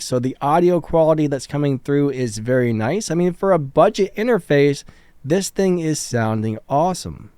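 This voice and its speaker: A man's voice: fairly high pitch, darkish tone, clear, resonant tone, no echo. A man giving a casual, upbeat product review of audio gear, talking into studio microphones. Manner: casual, upbeat, plain-spoken. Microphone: studio condenser and dynamic mics.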